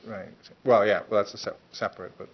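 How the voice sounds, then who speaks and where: Rambling lower-voiced male lecturer. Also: fairly even intonation, fast talker. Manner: loose and conversational, full of fillers and restarts. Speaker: university lecturer. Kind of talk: classroom lecture. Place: classroom. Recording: muffled lecture recording with faint hiss.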